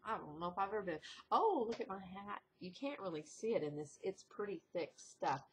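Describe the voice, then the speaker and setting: A woman vlogger chatting casually at home in a rambling video diary, breaking into high, excited exclamations. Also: fairly quick, slight background noise. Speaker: diet vlogger. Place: indoors at home.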